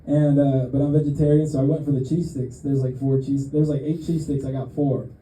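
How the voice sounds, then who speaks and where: Rambling young comedian in a roomy club. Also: male voice, mid-range voice, flat delivery, fairly quick, mellow, a little hiss or hum. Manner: rambling, self-deprecating, laughs at own jokes. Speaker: stand-up comedian. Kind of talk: stand-up set. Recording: roomy club stage sound.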